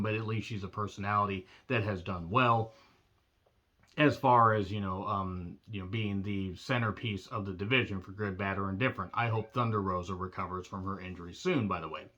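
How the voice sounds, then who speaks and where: A man giving a casual recap of a wrestling show, sarcastic and blunt, often clearing his throat. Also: on the low side, bright, forceful tone, muffled recording.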